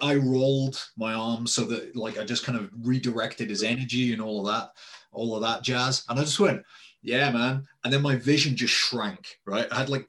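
A man's voice: medium pitch, a bit bright. A man in casual conversation, telling a story with lots of fillers and quoted dialogue.

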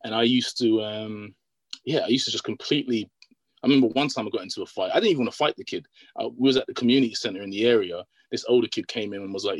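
A man hosting a casual talk, speaking quickly with many fillers. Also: medium pitch, no room sound. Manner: rapid, filler-heavy talk. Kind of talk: casual conversation.

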